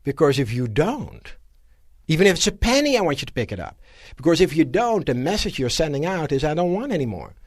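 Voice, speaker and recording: A man giving a live motivational seminar lecture to an audience in a room, animated and asking rhetorical questions. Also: fairly high pitch, fairly quick, no echo, clean studio sound. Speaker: seminar speaker.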